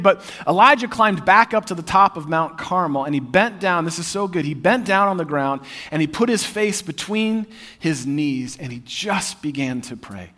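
A male pastor preaching a sermon in a church in a conversational, humorous way that often drops to a hushed intensity. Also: high-pitched.

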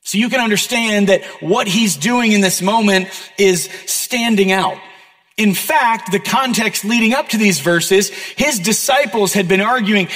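In a church auditorium, a young male pastor with a notably high, slightly bright voice gives an earnest, conversational sermon at a moderate pace, with self-deprecating asides. A long reverb tail follows his words, as in a big hall.

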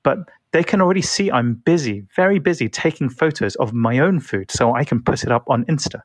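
A man's voice: medium pitch, animated, a little fast, no echo. A man giving a comic monologue as a guest, switching between his own English voice and a put-on accent. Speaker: guest interviewee. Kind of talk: recorded comedic monologue.

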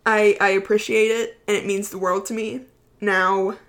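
A woman's voice: medium pitch, flat delivery, normal speed, fairly bright tone. A woman of about twenty hosting her own podcast, chatting casually, rambling and giggling often. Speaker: podcast host. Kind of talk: casual chat.

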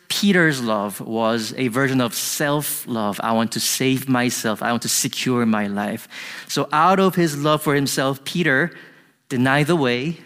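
A man's voice: medium pitch, a bit bright. A man giving an earnest, emphatic sermon to a congregation, with slightly non-native phrasing. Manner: earnest, emphatic teaching with rising intensity on quotes. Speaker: pastor. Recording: long hall reverb.

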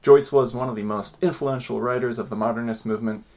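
Quick, rambling male podcast host. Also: medium pitch, steady tone, darkish tone. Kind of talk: casual podcast chat.

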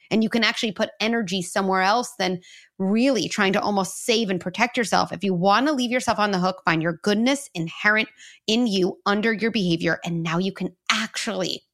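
A woman's voice: medium pitch, a bit bright. A woman guest in a podcast interview, explaining step by step and guiding listeners through a simple exercise. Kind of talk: conversational interview.

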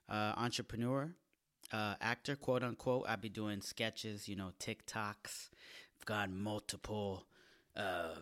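A stand-up comedian hosting his own podcast from a small studio apartment, energetic, profane and mocking himself. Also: fairly low pitch. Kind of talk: solo podcast intro monologue.

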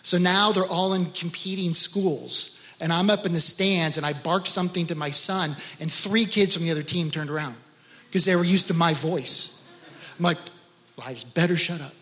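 A middle-aged male pastor preaching a sermon with animated, joking storytelling. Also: high voice, moderate pace. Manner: animated storytelling with laughs and exclamations.

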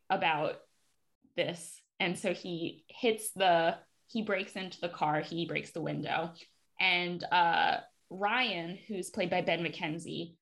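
A woman's voice: on the low side, a bit bright. A woman casually recapping a TV episode for a podcast, chatty and full of fillers.

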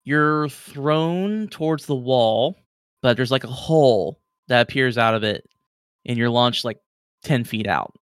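Casual, smooth-voiced game master. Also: male voice, medium pitch, a little slow, dry recording. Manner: casual, filler-heavy, lots of "like". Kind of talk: narrating a tabletop game.

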